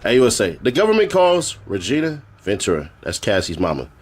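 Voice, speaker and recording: A man's voice: lowish voice, fairly quick, slight background noise. A man streaming, reading a court transcript aloud in a casual way and breaking off for joking asides. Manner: reads flatly, then breaks off for joking asides and laughs.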